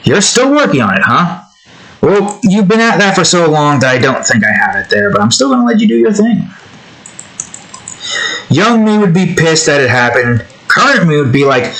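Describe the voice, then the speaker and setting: A man's voice: on the high side, very animated, moderate pace, fairly bright tone, low-quality recording. Rambling man chatting while drawing. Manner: rambling, off-topic asides. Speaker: art vlogger. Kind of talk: casual chat while drawing.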